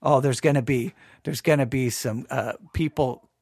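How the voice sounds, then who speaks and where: A man hosting a Bible podcast, chatting casually and restarting his sentences, then reading scripture slowly and solemnly. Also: mid-range voice, fairly even intonation, gravelly, a little mellow, no echo. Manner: chatty and self-interrupting, reads scripture in a slow solemn cadence. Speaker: podcast host and Bible teacher. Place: small home studio.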